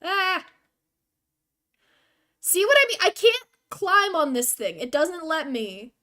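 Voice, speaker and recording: A young woman with a high, light voice chats with her stream audience while she plays. She rambles and pokes fun at herself in an easy, casual way. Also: very animated, normal speed, bright, forceful tone. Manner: rambling, self-deprecating, chatty. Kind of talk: casual game stream chat.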